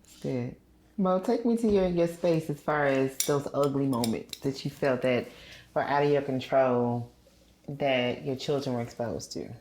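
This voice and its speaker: A woman's voice: very deep voice, unhurried, a little mellow, reverberant, slight background noise. A woman hosting a podcast, encouraging her guests with short affirmations and follow-up questions. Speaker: podcast host. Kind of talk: casual chat.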